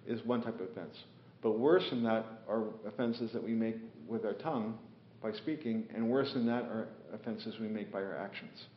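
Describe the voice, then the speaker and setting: A man's voice: mid-range voice, slight background noise. A man teaching a scripture class, telling stories unhurriedly with many fillers and voicing the figures in them. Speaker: spiritual teacher. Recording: echoey room, dull lo-fi sound.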